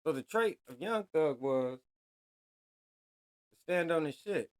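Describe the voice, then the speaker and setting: A man's voice: fairly high pitch, lively intonation, takes it slowly. A man holds forth alone on his podcast, swearing freely and leaning on street slang. He lectures his listeners in a blunt, preachy way, hammering each point home. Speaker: podcast host. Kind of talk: solo podcast monologue.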